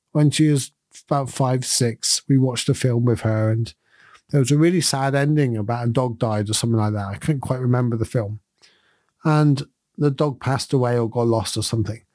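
A man's voice: medium pitch, darkish tone, dry recording, clean studio sound. A middle-aged man, a podcast host, giving a thoughtful and earnest reflective monologue in a conversational way.

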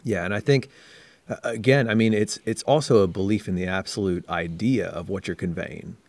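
A man co-hosting a casual sales-training podcast, who explains ideas in steady, reflective points. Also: low-pitched, moderate pace, no room sound. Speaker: podcast co-host.

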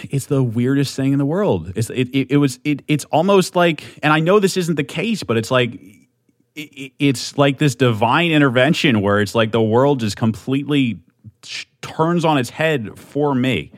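A man's voice: medium pitch, lively intonation, moderate pace, dry recording, clean studio sound. A young man hosting a solo podcast, talking in an amped, rambling way with lots of swearing and restarts at a desk mic. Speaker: podcast host.

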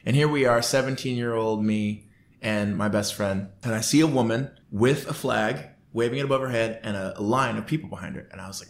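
A man telling a story in a casual interview, acting out what people said in raised, lively voices. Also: fairly low pitch, brisk, creaky. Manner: animated, acts out quotes in raised voices. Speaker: podcast guest.

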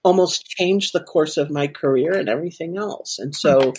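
A woman's voice: low-pitched, normal speed, a little mellow, slightly rough. A woman guest in an interview, telling a personal story animatedly with many fillers. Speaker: guest, organization president.

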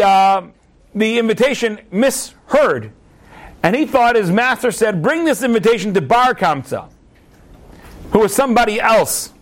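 A man teaching a lesson through a story, lively and repeating words for emphasis. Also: extremely high pitch.

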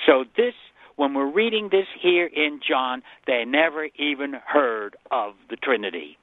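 A man's voice: mid-range voice, animated, unhurried, dry recording. Earnest man teaching over a phone line. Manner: earnest, explanatory, repeats himself. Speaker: guest Bible scholar answering callers. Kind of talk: call-in radio teaching. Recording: dry phone-line sound.

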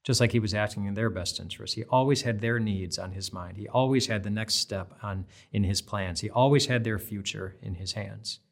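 Earnest low-voiced male preacher. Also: a little fast, gravelly, few pauses. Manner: earnest, restarts phrases often. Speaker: pastor. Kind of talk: devotional sermon.

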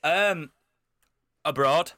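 A man's voice: a little high, very slow, bright, forceful tone, dry recording, studio quality. A man co-hosting a podcast, chatting casually and hesitantly with lots of ums. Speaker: podcast co-host. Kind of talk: casual chat.

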